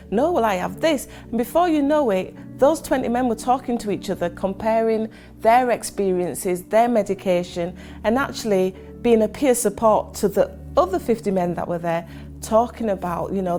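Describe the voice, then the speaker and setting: A woman's voice: medium pitch, warm tone. A woman who heads a community charity, telling stories in a conversational interview with fillers. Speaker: charity chief executive. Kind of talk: interview testimony.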